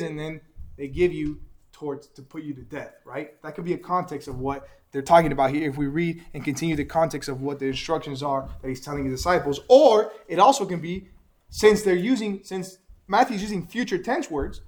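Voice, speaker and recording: A man with a high voice teaching a Bible class. He talks with animation and keeps firing questions at his listeners. He asks them to answer back as he explains each verse. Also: a little fast, a little mellow.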